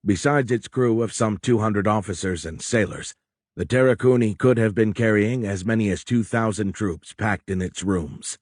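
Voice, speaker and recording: A male narrator reads a war novel in a measured, steady storytelling manner. His voice sits fairly low, and the studio recording is close and completely dry. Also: no echo. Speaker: audiobook narrator. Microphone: close studio mic.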